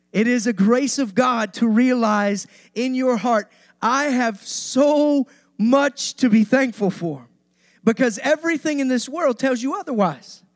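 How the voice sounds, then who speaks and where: High-pitched man preaching a sermon. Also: no echo, studio quality. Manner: preaching with rising emphasis and repetition. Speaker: pastor.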